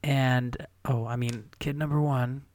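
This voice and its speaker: A man's voice: mid-range voice, steady tone, darkish tone, dry recording. A man in his thirties co-hosting a casual chat, joking with a wry, laid-back manner. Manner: wry, joking, drawn-out asides. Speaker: podcast co-host.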